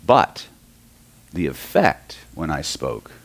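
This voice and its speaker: Slow and sing-song, this middle-aged Oklahoma man's bass voice carries a live hypnosis seminar. A hypnosis and NLP trainer, he spins stories and repeatedly checks in with the room.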